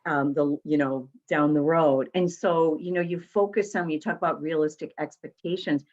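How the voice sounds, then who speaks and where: A woman's voice: deep voice, fairly even intonation, moderate pace, a little mellow, highs cut off. A woman hosting an online talk, chatting in a reassuring, conversational way over a video call. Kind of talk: webinar conversation.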